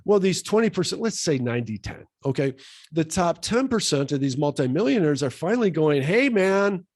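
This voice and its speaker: Rambling older man, higher voice. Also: a little mellow, no room sound, studio quality. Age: 60s. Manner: rambling, thinking aloud with restarts. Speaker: podcast co-host. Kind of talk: casual opinion chat.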